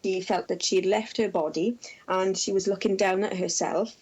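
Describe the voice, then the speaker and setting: A woman in middle age talks through case stories from her research in an interview. Her delivery is measured and gentle, with small fillers as she gathers her thoughts. Her voice sits at an ordinary middle pitch. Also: fairly even intonation, breathy edge, rough recording. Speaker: researcher and former intensive care nurse.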